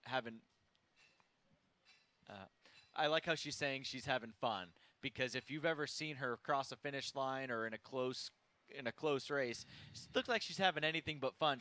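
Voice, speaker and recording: A man's voice: medium pitch, normal speed, bright, forceful tone, no room sound. A man co-hosting a live race preview, chatting and asking the guest questions. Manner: conversational, agreeing interjections. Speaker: co-host commentator. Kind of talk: live sports preview commentary.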